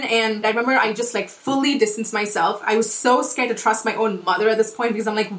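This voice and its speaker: A woman's voice: fairly high pitch, quick pace, few pauses, reverberant, low-quality recording. A young woman hosting a podcast, telling a personal story in a rambling, casual way, swearing often and restarting her sentences. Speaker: podcast host.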